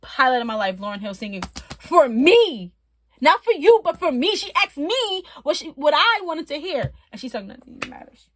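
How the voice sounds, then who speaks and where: A woman telling stories from her time in prison to her viewers in a casual, animated, profane way, laughing often and at times tearful. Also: high voice, normal speed, no room sound. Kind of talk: casual storytelling.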